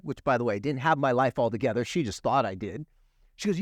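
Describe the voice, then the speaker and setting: A man's voice: mid-range voice, expressive, fast, dry recording, clean studio sound. A man appearing as a guest on a TV talk show, telling a personal story earnestly and emphatically, acting out the quoted dialogue. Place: TV studio.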